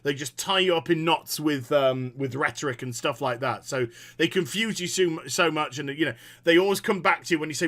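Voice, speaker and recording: A man's voice: on the high side, brisk, few pauses, fairly bright tone. A man giving a profane, exasperated reaction commentary as a gaming vlogger, sarcastic and cutting.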